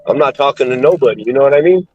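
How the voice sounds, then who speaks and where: A man's voice: medium pitch, animated, very fast, a little mellow, breathy edge, no room sound, dull audio. Blunt, profane man in a dry room. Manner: blunt, profane, calls others bro and dog. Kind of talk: casual storytelling chat.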